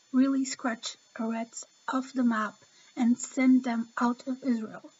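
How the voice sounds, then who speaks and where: A woman's voice: sits high, darkish tone, slightly rough, dull audio. A woman giving an impassioned, emotional opinion vlog, talking straight to the viewer. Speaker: vlogger.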